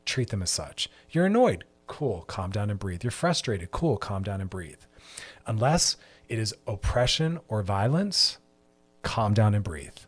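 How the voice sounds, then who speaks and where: A man's voice: lowish voice, expressive, measured pace, husky. A man hosting a solo podcast, delivering an emphatic, preachy monologue with repeated refrains. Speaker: podcast host.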